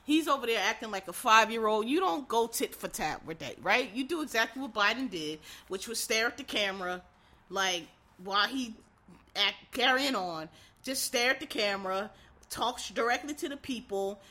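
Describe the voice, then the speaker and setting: Female solo commentator, forceful and bright, animated rambling delivery with profanity. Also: a little high, moderate pace. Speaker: political commentator.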